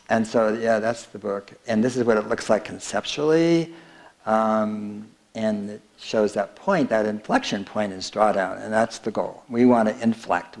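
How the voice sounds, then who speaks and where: A man's voice: fairly low pitch, gravelly. An older man giving a conversational, wry public lecture with slides about his book in an auditorium, often laughing at his own jokes. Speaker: speaker presenting his book. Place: town hall auditorium.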